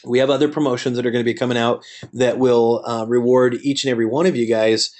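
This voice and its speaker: A man's voice: mid-range voice, steady tone, quick pace, a little mellow. A middle-aged man, a company executive, giving an earnest motivational talk on a webinar, with many fillers and restarts.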